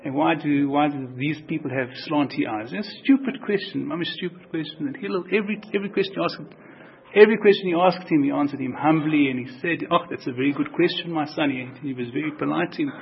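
A man teaching a Torah class, telling stories in an animated way, repeating phrases and acting out the quotes. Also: a little high, fast talker, vocal fry, muffled recording, slight background noise.

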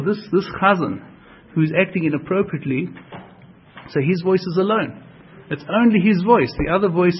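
A man's voice: a little high, vocal fry, a little hiss or hum. A man teaching a religious lesson, earnest, repeating and rephrasing each point as he explains it. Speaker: Torah teacher. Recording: dull lo-fi recording.

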